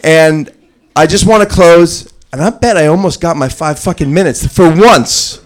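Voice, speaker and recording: A man's voice: a little high, moderate pace. Jokey, profane man closing a talk. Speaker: speaker on stage.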